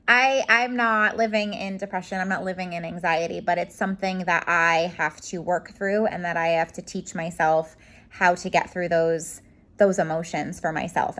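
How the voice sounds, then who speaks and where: In a home room with a curtain, a woman in her thirties who vlogs about home organizing tells a personal story to the camera. Her voice sits on the low side with a fairly bright tone, and she's bubbly, rambling and emotional, leaning on "like" and restarting often.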